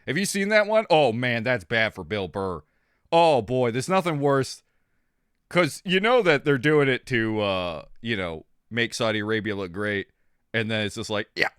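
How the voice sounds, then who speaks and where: A man streaming and chatting casually with his audience, rambling and animated, coughing now and then. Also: medium pitch, moderate pace, clear, resonant tone, dry recording, studio quality.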